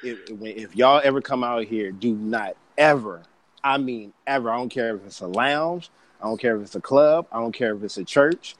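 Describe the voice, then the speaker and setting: A man's voice: medium pitch, normal speed. A man telling stories in a casual podcast chat, full of restarts and profanity. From Bay Area, California. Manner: animated storytelling with restarts and profanity.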